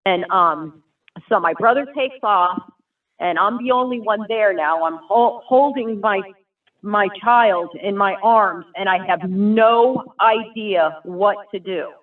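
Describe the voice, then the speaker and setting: A woman's voice: mid-range voice, slow. A woman tells her personal story in an earnest, vivid way, the words pouring out with feeling. Her voice comes through thin and tinny, as on a phone line, and sits far from the microphone. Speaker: guest sharing a personal testimony. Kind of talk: emotional personal testimony.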